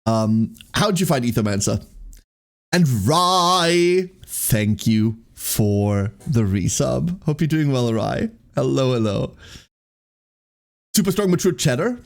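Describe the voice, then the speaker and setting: A man's voice: mid-range voice, animated, takes it slowly, vocal fry. A man streaming live, chatting casually with his chat, rambling and often breaking into laughter.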